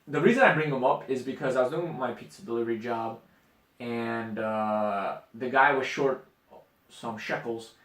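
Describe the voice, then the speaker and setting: A man co-hosting a podcast, telling stories in a loose, profane, animated way. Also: mid-range voice, normal speed. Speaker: podcast co-host. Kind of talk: casual chat. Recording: echoey room, mic at a distance.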